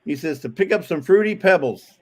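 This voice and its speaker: A man's voice: on the high side, animated, fairly quick. A man casually chatting on a livestream, reading out viewer comments, joking, and talking with frequent restarts. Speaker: livestream co-host.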